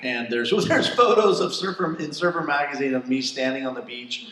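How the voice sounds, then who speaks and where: A man hosting a live event, telling a lively personal story to an audience and laughing often. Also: medium pitch, normal speed, a little hiss or hum. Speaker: event host. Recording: echoey room, far from mic.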